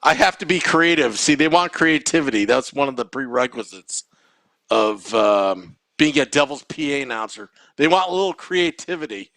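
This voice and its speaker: A man co-hosting a podcast in casual, animated, self-mocking chat. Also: medium pitch, moderate pace, dry recording, clean studio sound. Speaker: podcast co-host.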